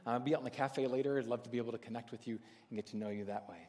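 A man's voice: medium pitch, steady tone, racing, darkish tone. A man preaching as a pastor, telling stories in a casual, chatty and self-deprecating way to his church. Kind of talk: casual storytelling sermon. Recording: long hall reverb.

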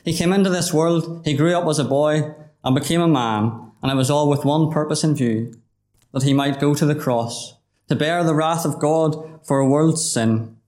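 A man's voice: fairly high pitch, a little mellow. A man preaching a gospel sermon, earnest and pleading, speaking directly to the listener as "my friend". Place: gospel hall. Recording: roomy hall echo.

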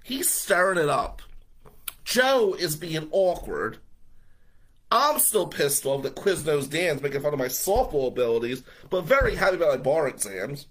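A man, a lawyer, telling a personal story to the camera in a casual, animated way, blunt and swearing freely. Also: on the high side, moderate pace, a little hiss or hum, poor audio.

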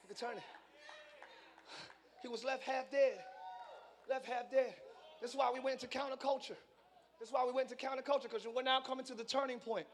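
A pastor preaching a live sermon to his congregation, excitable and playful, swinging from quiet asides to shouting and teasing the crowd. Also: very high-pitched, fairly quick, long pauses. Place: large church hall.

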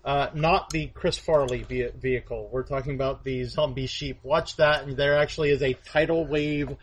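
A man's voice: mid-range voice, steady tone, normal speed, a little hiss or hum. A man co-hosting a podcast in casual chat, joking and theatrical. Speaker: podcast co-host.

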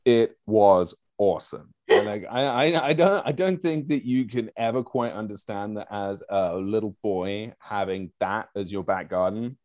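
A man in his thirties, a guest telling stories in a casual, animated way, swearing and using lots of fillers. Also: fairly low pitch, normal speed, hardly any pauses, no echo. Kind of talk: casual conversational storytelling.

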